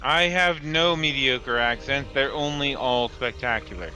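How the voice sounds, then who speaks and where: A man's voice: mid-range voice, unhurried, muffled recording, over music. A man playing a tabletop game, trading dry, mock-pompous jokes with the group in casual banter. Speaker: player.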